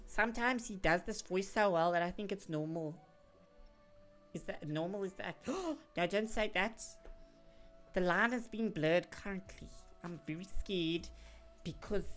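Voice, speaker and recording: A woman's voice: fairly low pitch, a little slow, pauses often, a bit bright, faint music behind. A woman livestreaming in casual chat, playfully indignant and mock-dramatic, breaking off to thank viewers. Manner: chatty, reacting to viewer donations mid-sentence.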